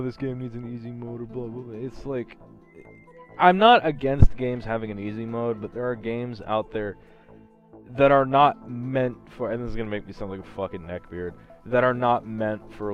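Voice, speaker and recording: A man's voice: on the low side, normal speed, soft background music. A man chatting casually on a podcast, rambling and swearing freely. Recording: dull lo-fi recording.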